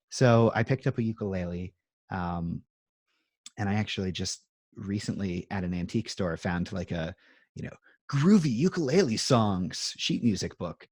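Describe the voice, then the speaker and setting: A man's voice: fairly low pitch, fairly quick, a little mellow, husky, dry recording. A man in his thirties, a guest in a casual interview, chatting from a home music room over a video call in a rambling, self-deprecating way full of fillers. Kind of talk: casual chat.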